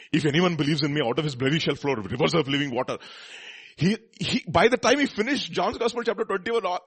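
A man's voice: high-pitched, breathy edge. A man giving a sermon, reading scripture and asking the listeners questions. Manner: animated, asks the crowd questions, reads scripture aloud. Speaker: preacher. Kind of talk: sermon Bible teaching.

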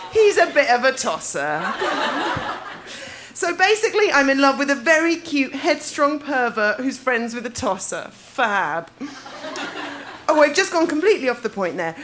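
A woman with a London accent reads her teenage diary to a live crowd, laughing as she goes. Her voice is high, bright and very lively, swinging up and down as she mocks her younger self. A faint hiss sits under it. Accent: London English. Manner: laughing through her lines, playful and self-mocking. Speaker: reader at a live show. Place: live venue stage.

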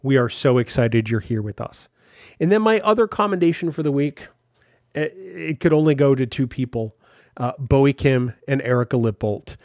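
A man's voice: mid-range voice, expressive, normal speed, a little mellow, no room sound. A man hosting a podcast, heartfelt and teasing. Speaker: podcast host. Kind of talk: casual podcast chat.

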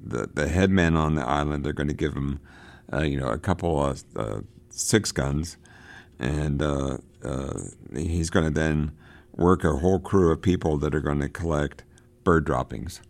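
A man with a very low, deep voice reads passages from a novel, slowing down and leaning on the words. Between passages he talks them over like a teacher, halting and restarting, full of fillers. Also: creaky, a little mellow. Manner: halting, many fillers and restarts in his own comments; reads passages slowly and with emphasis. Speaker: literature teacher reading and discussing a novel. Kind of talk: reading aloud and commenting on a book.

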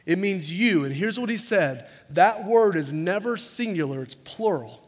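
A man preaching a sermon to his congregation in an earnest, conversational way, often repeating words as he rushes ahead. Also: sits high, animated. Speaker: pastor. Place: church sanctuary. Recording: long hall reverb.

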